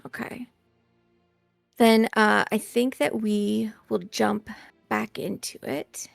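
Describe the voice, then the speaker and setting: Gravelly-voiced woman game master. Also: mid-range voice, fairly even intonation, dry recording, faint music behind. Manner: chatty, quick to laugh, easily flustered. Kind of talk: running a tabletop game on stream.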